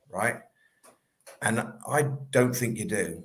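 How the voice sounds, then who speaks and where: Man, sales coach, casual podcast talk, animated storyteller. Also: mid-range voice, measured pace, reverberant. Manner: animated, acts out little scenes in quoted voices.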